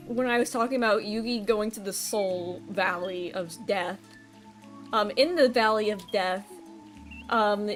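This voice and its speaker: Woman, streamer, casual rambling chat, medium pitch, frequent ums and restarts. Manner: rambling recap with filler ums and self-corrections.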